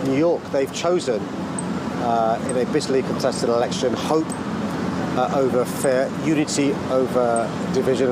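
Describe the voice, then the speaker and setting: A man, a politician, speaking in a measured and halting way in a played clip of a public speech. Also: mid-range voice. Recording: speech clip outdoors in loud traffic noise.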